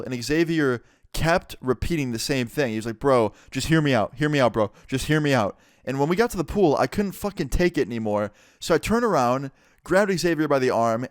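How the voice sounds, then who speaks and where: Young man telling a casual story, clear voice. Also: medium pitch, no echo, studio quality. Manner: casual, profane, animated storytelling. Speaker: vlogger. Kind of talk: storytime narration.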